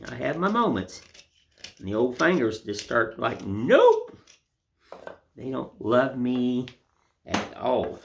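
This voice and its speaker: A man's voice: mid-range voice, gravelly, a bit bright, a little hiss or hum. An older man giving a casual, rambling woodcarving lesson in a folksy, self-deprecating way. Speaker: woodcarving instructor. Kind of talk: casual hands-on demonstration.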